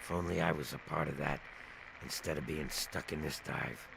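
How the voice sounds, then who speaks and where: An actor playing a weary, kind male ghoul bartender in a video game, raspy and humble. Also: very deep voice, moderate pace, background noise, full character voice. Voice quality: raspy, gravelly. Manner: humble, resigned.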